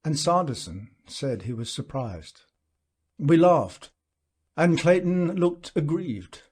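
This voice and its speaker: A man reading a classic short story aloud for learners, unhurried with occasional fillers. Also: on the high side, sing-song, darkish tone, breathy edge. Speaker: audiobook reader.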